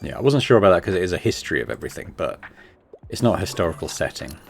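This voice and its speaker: Man, gameplay host, laid-back, lively intonation, faint background music. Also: deep voice, very fast, gravelly. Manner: laid-back, muttering to himself while deciding. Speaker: gaming channel host. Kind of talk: relaxed gameplay commentary.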